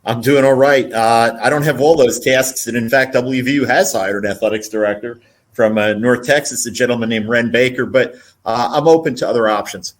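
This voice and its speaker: A man's voice: mid-range voice, a little fast. A man with a North Carolina accent, a sportswriter guest on a radio show, answering in a dry, understated, knowledgeable way. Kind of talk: radio interview.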